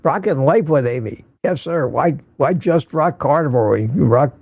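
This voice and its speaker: Older guy reading his live chat out loud, a bit high, dry close sound. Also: animated, moderate pace, creaky, no echo. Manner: greets viewers by name, reads chat aloud. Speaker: livestream host. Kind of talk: casual morning livestream chat.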